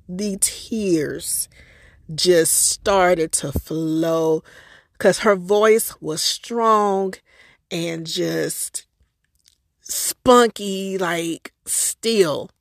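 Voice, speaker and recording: A woman hosting a podcast, telling a personal story in an emotional, expressive way with laughter. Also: fairly low pitch, drawn-out words, gravelly, dry recording. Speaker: podcast host.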